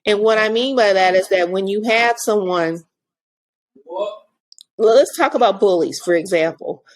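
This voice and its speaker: A woman guest and autism advocate, telling lively stories about her son in a casual conversation, laughing often. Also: medium pitch, measured pace. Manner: animated storyteller, laughs often.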